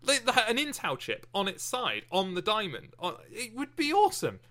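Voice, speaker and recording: A man co-hosting a casual, animated chat about poetry. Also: high-pitched, normal speed.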